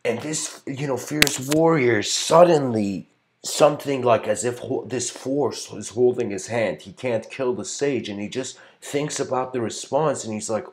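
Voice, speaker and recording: A man's voice: medium pitch, unhurried. A man giving a livestreamed philosophical lecture in an earnest, rambling way, full of fillers and searching for words. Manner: rambling, filled with "you know" and "like".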